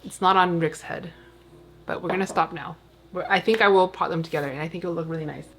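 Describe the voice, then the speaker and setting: A woman with a slightly low voice talks casually while she works through her plant cabinet at home. She rambles and fills her sentences with "like". Her tone stays easygoing and chatty. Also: fairly even intonation, fast talker, a bit bright, a little hiss or hum. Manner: chatty and rambling, full of "like" fillers. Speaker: plant vlogger.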